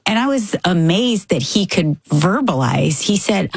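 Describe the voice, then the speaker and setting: Low husky-voiced mom telling a story. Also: female voice, a little slow, few pauses, no room sound. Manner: animated storyteller, voices her children's lines. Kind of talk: storytelling in a podcast conversation.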